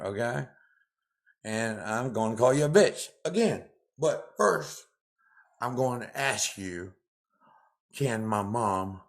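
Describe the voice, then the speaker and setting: Ranting angrily at the camera, a man with a lowish voice swears and gets confrontational, repeating himself and breaking into loud outbursts.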